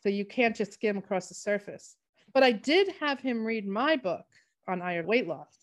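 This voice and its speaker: A woman's voice: medium pitch, expressive, moderate pace. Chatty storytelling woman podcast host. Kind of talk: casual chat.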